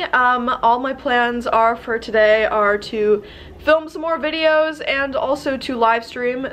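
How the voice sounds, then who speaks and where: A woman's voice: high-pitched, fairly bright tone, a little hiss or hum. Nasal young woman with a cold. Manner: chatty, rambling, self-deprecating. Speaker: beauty vlogger. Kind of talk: casual get-ready-with-me chat.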